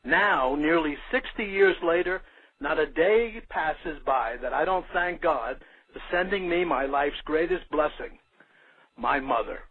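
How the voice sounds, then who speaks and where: A man's voice: fairly high pitch, lively intonation, a little slow, breathy edge. An older man from Brooklyn, New York, reading his own short story aloud in a plain, earnest way. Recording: narrow phone-like sound.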